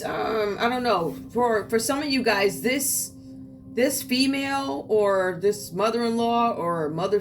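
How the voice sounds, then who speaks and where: A woman doing a tarot reading for viewers, talking in a sassy, outspoken way and asking the cards to speak. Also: mid-range voice. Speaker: tarot reader. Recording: distant mic with loud music behind.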